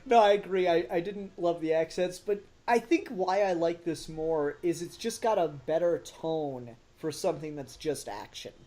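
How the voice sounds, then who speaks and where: Animated laughing male podcast co-host. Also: a little high, moderate pace, hardly any pauses. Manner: animated, laughs often, swears casually. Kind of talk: casual podcast film review chat.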